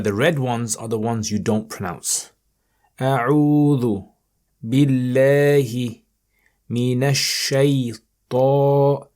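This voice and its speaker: A man in a mid-range voice leads a Quran reading lesson, addressing the viewers directly and cheering them on. When he recites, he stretches the sounds slowly and with care. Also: medium pitch. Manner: slow, stretched chanting in recited passages.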